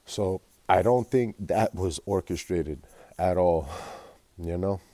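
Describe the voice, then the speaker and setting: A man's voice: low voice, takes it slowly, mellow, dry recording. A man telling a rambling, profane personal story in a vlog, agitated and full of fillers. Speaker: vlogger.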